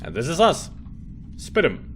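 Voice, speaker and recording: Brief: jokey let's play host, man, hugely swinging pitch, game music behind. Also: huge pitch swings, a little slow, a bit bright. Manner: playful, jokey, reads game text aloud.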